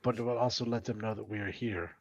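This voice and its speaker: Measured man on a dull mic. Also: on the low side, steady tone. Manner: reads a formal letter aloud in a measured way. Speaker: player. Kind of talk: tabletop game play over voice chat.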